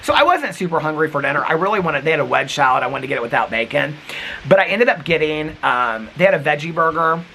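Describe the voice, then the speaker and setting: A man's voice: fairly high pitch, expressive, quick pace, creaky, bright, forceful tone, a little hiss or hum, low-quality recording. A man vlogging casually, gushing and chatty, retelling a night out with lots of "like" and "she goes" quotes. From United States. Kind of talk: casual storytelling vlog.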